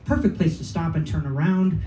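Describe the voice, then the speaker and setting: A woman's voice: sits low, steady tone, a little fast, background noise. A woman from California telling a funny personal story on stage, wry and self-deprecating, with profane asides and laughs from the crowd. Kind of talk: live comic storytelling. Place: comedy club stage. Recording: roomy club sound from a distant mic. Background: audience laughter and faint room ambience.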